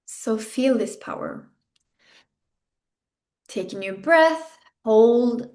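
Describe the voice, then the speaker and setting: A woman's voice: medium pitch, animated, very slow, long pauses, darkish tone. A woman hosting a podcast, guiding a self-development exercise in an intimate, frank way, swearing casually. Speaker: podcast host and coach.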